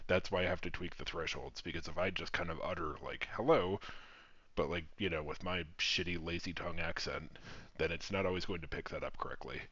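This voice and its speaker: Low-voiced man casually demoing his software. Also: brisk, slightly rough, dry recording, muffled recording. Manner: relaxed, explains step by step, swears casually. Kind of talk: casual screen-recorded tech demo.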